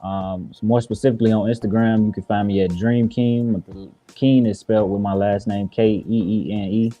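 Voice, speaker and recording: A man's voice: lowish voice, fairly even intonation, normal speed, dark tone, no room sound, muffled recording, soft background music. A man from Chicago, a guest rapper, answering interview questions in an earnest, reflective way with many fillers. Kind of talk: casual interview talk.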